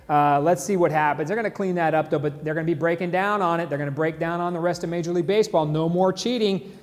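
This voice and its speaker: Casual, jokey male stream host; high voice, reverberant room. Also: darkish tone. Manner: chatty, jokey, laughs at memes. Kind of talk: casual live-stream commentary. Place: San Antonio, Texas.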